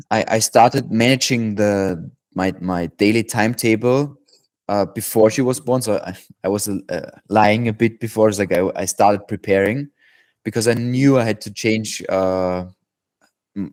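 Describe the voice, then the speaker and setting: A man's voice: fairly low pitch, a little mellow. Hesitant, thoughtful man from Austria. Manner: thoughtful, halting with many fillers. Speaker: podcast guest, bodybuilding coach. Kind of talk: casual interview chat.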